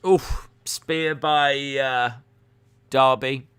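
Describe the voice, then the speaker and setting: A man hosts a casual wrestling reaction stream, cracking jokes and reading out messages from chat. His voice is bright and crisp, and he takes his time with every line. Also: medium pitch, steady tone, very slow. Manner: jokey, reads out and answers chat. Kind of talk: casual live-stream commentary.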